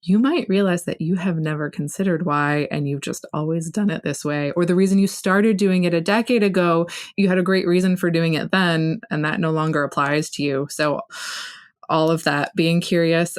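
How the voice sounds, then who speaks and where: A woman's voice: deep voice, steady tone, normal speed. A woman financial coach as a guest, speaking in a thoughtful, affirming way. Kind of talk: casual interview chat.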